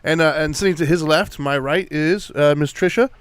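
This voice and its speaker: A man's voice: on the high side, normal speed, smooth. A man co-hosting a casual live talk show, friendly and easygoing as he introduces guests. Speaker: co-host.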